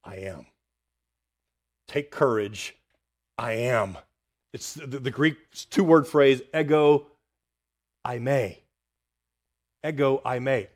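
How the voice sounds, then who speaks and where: A man preaching a sermon, reading scripture aloud and dropping quiet and low for the words of God. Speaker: pastor.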